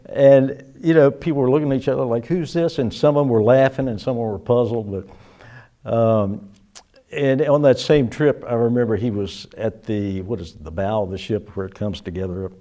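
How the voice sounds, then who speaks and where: Older man, low pitch, dark mellow tone, rambling storyteller, casual interview. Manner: rambling storyteller, many restarts, chuckles. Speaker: interviewee, musician.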